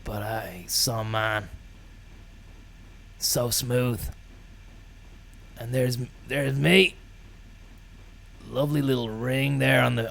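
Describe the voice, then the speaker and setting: A man delivering a rambling, deadpan comic monologue full of absurd tall tales and casual swearing. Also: medium pitch, slow pace, gravelly, pauses often. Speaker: comedy podcast host.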